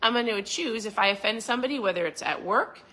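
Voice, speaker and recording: A woman's voice: medium pitch, fast. A middle-aged woman hosting a motivational podcast, talking casually to her viewers and acting out her own past conversations. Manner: animated, acts out her own past dialogue. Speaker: podcast host.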